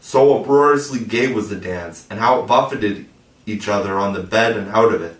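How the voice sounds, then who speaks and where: A man reading a children's classic aloud as narration, lifting his voice for the children's lines. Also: normal speed. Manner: reads steadily, puts on higher voices for the children. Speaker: audiobook reader. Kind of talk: scripted narration. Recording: echoey room, mic at a distance.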